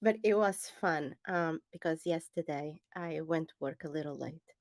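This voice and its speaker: A woman's voice: sits low, moderate pace, no echo, studio quality. Laughing woman telling a story. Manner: animated storyteller, laughs often, acts out quotes. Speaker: podcast co-host. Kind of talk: casual chat storytelling.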